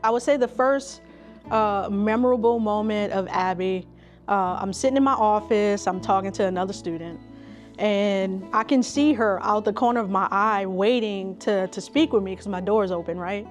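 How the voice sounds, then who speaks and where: A woman, a school counselor telling stories in an interview in a relaxed, conversational way with many fillers. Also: mid-range voice, moderate pace, faint music behind. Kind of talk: interview storytelling.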